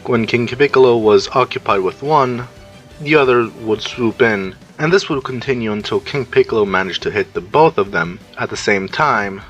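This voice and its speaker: A man narrates a fan-made story, recounting fights scene by scene. His voice is bright and forceful, sitting at a middle pitch, with faint music in the background. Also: dull audio.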